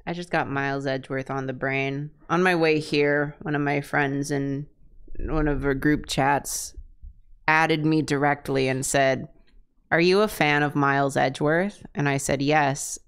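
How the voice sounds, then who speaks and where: A man's voice: on the high side, fairly even intonation, unhurried, fairly bright tone, clear, resonant tone. A man co-hosting a live drawing stream, talking in a laid-back way and laughing often. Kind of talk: casual chat on a live stream.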